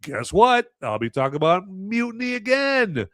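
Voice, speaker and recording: A man's voice: sits high, big pitch swings, normal speed, fairly bright tone, no room sound. A man hosting a live movie review podcast, talking in a rambling, sarcastic way with lots of fillers. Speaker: podcast host.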